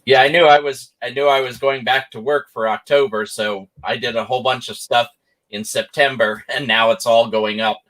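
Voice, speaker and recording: A man's voice: medium pitch, steady tone, normal speed, a bit bright, poor audio. A man chatting as a guest on an online call, friendly, laughing often and repeating words as he goes. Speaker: guest, video creator. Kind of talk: casual chat.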